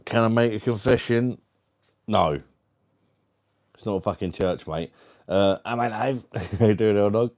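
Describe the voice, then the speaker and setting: A man from the UK hosts a casual livestream. He chats with viewers and reads their comments aloud. His voice sits fairly low, and his banter is crude and matey. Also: measured pace, pauses often, darkish tone. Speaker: livestream host. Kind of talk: casual live chat reading viewer comments.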